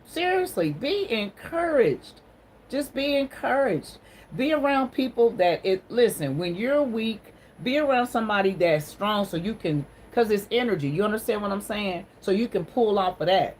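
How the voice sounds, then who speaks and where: A woman's voice: mid-range voice, expressive, moderate pace, darkish tone, a little hiss or hum, low-quality recording. A woman hosting a casual livestream on her phone, greeting viewers and talking in an encouraging, sermon-like way. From Ohio. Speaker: livestream host.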